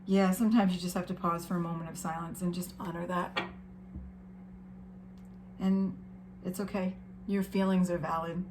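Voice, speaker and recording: A woman giving an encouraging spiritual card reading to her viewers, gentle and sometimes emotional. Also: on the low side, level tone, normal speed, pauses often, a little hiss or hum. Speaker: tarot reader.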